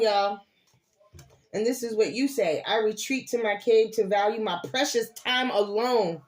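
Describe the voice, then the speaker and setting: Older woman, casual tarot reader, animated and encouraging. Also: mid-range voice, unhurried. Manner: animated, preachy encouragement with laughs and slang. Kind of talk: casual live tarot reading.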